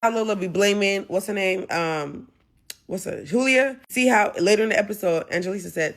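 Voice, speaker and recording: A woman's voice: medium pitch, a little fast. A woman with a Southern American accent giving a sassy, playful recap of a reality show, full of dramatic asides. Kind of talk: casual recap commentary.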